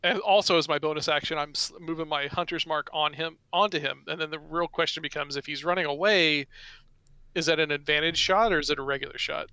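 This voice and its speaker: A man's voice: a little high, fairly even intonation, a little fast, bright, forceful tone, smooth, dry recording. A man playing in an online tabletop game, methodically thinking aloud through his turn. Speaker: player. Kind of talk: casual tabletop game chat.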